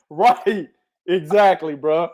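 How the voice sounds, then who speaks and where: A young man hosting a boxing talk show, chatting casually with loud, slangy, profane rants that swing between mumbles and shouts. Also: sits high.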